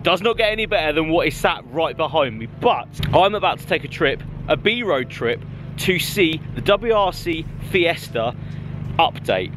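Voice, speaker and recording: A young man presenting a car vlog, excitable and chatty, playful as he drives. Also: on the high side, moderate pace, noisy background. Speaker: car vlogger.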